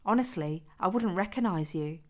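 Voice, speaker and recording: A woman putting on an embarrassed young man pushed into a high squeaky falsetto, timid and unconvincing, from a read-aloud story. The reader's own voice sits a bit low underneath. The lines come out slowly. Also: expressive, natural voice. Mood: anxious.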